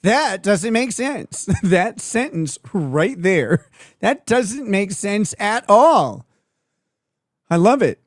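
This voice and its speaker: A woman's voice: medium pitch, big pitch swings, very slow, pauses often, no room sound, studio quality. Laughing, sarcastic woman streamer. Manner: laughing, sarcastic, swears freely. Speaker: streamer host. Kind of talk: live-stream reaction commentary.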